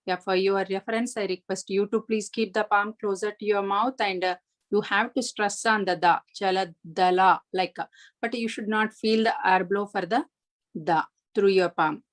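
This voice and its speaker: A woman teaching the pronunciation of a chanted verse, patiently explaining each sound step by step and chanting the lines slowly. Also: medium pitch, steady tone. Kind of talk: online pronunciation lesson.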